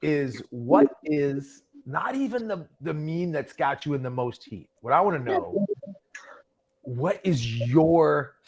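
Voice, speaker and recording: A man's voice: on the high side, animated, takes it slowly, a little mellow, breathy edge, rough recording. A man in a casual podcast chat who argues with confidence and teases the others. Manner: confident, argumentative and teasing.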